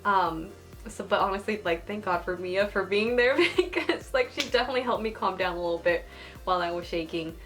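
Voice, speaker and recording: A young adult woman vlogging casually about an exciting experience, gushing and giggling, with lots of "like" fillers. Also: medium pitch, brisk, faint music behind. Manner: gushing, giggly, heavy use of "like".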